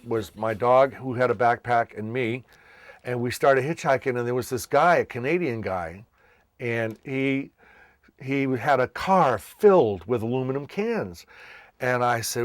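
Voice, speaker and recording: Older male storyteller from Massachusetts, casual and animated, close dry sound. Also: mid-range voice, moderate pace, no room sound. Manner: animated, acts out quoted voices. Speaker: children's entertainer telling his life story.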